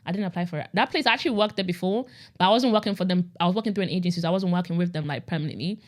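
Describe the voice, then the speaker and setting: A young adult woman telling her personal faith testimony in a casual, conversational way, full of "like" and repeated phrases. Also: on the low side. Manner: rapid, conversational, with frequent "like" and repetition. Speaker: podcast host sharing her testimony.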